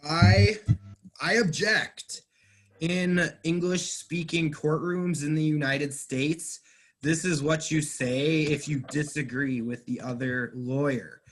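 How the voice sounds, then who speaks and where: A male English teacher leading a class, his voice sitting a little high. He speaks slowly and patiently, spelling out meanings clearly and encouraging his students as he goes. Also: steady tone. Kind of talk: online class recap.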